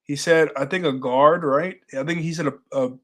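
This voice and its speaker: Casual reaction host, man, slightly higher voice, reads comic panels aloud and muses between them with fillers. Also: fairly even intonation, moderate pace, a bit bright. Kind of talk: casual manga read-through and reaction.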